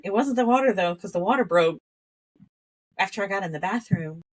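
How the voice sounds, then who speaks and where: A woman's voice: mid-range voice, brisk, husky. A woman guest on a podcast telling a story in casual conversation, laughing often and acting out what she said back then. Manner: animated, laughs often, acts out her own past words.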